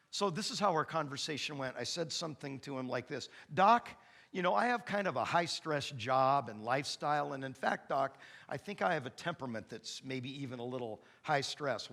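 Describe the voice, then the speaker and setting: A man in his fifties preaching a sermon as pastor, an animated storyteller who acts out the dialogue with big comic outbursts. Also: medium pitch, creaky. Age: 50s. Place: church sanctuary.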